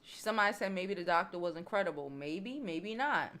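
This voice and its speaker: A woman hosting a casual celebrity gossip chat, blunt and profane, reading viewer comments and talking straight to her audience, calling them "child" and "y'all". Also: fairly quick. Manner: swings between loud animated bursts and low near-murmurs. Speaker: host. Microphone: home streaming setup, waiting on new mics.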